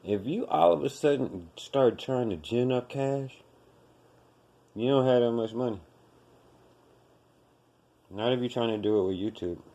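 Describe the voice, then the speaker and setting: A man's voice: lowish voice, vocal fry. A man hosting a podcast, ranting in blunt, profane commentary and hammering his points with repetition. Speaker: podcast host.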